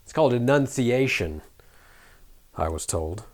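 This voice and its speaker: A middle-aged man with a faint, mostly flattened Southern American accent, chatting casually and muttering to himself while working at a bench. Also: mid-range voice, a little slow. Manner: rambling, self-deprecating, mutters while working. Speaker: hobby shop owner building an RC truck.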